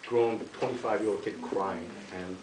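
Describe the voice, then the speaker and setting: A man's voice: lowish voice, fairly even intonation, normal speed. Rambling man telling a joke, echoey. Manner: meandering, full of "like" and "you know", breaks into laughter. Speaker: joke teller. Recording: echoey room, distant mic, noisy home video.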